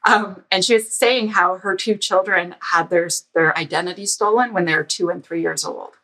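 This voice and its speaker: A woman with a rather low but bright, forceful voice, chatting as a guest on a podcast. She tells anecdotes briskly and slips into quoted dialogue as she goes. She sounds casual and animated. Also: low-quality recording. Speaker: podcast guest, security author. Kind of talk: casual storytelling interview. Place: lives in a Canadian province.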